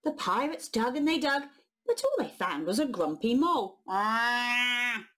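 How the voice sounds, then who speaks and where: Breathy woman reading a children's story. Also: high-pitched. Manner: expressive, unhurried storytelling. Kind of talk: reading a picture book aloud.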